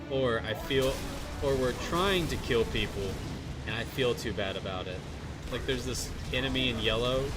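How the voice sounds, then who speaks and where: A man chatting casually while he streams a game. He rambles, swears freely and laughs often. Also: mid-range voice. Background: loud game music.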